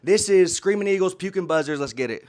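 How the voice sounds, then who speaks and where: A man's voice: high voice, animated, fast, darkish tone, faint music behind. A man hosting a casual talk show, hyped and preachy, repeating phrases and using slang. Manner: slangy, talks to a cohost by name. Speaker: podcast host. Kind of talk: casual chat and promotion.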